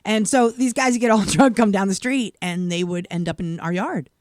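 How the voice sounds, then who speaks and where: A woman's voice: mid-range voice, normal speed, darkish tone, dry recording, clean studio sound. A middle-aged woman from Massachusetts co-hosting a casual live stream, telling family stories and acting out voices as she goes. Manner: chatty storyteller, acts out voices, laughs often. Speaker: co-host.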